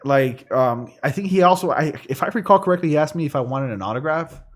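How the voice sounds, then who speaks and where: A man's voice: a little high, animated, fast talker. A man hosting a gaming livestream, chatting casually in a rambling way, full of fillers. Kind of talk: casual chat while streaming. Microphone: studio condenser microphone.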